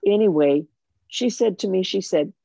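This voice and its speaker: An older woman telling a personal faith story in conversation, animated and self-mocking, with frequent restarts. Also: mid-range voice, moderate pace, gravelly, husky, no room sound, dull audio. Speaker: guest sharing her testimony.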